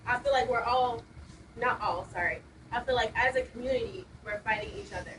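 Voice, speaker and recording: A woman in her twenties, a high school teacher, speaking earnestly and with emotion from the audience. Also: brisk. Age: 20s. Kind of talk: audience comment at panel. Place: community bookstore room. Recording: echoey room, distant mic, noticeable noise.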